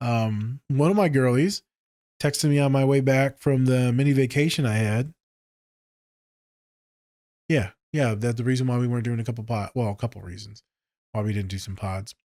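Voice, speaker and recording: A man with a mid-pitched voice hosts a casual podcast as a therapist. He tells stories loosely and profanely, dropping low for asides and jumping high when he exclaims. The sound is dry, with no room echo. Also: moderate pace, long pauses. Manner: profane, joking, with frequent swearing; animated, jumps between low mutters and high exclaims.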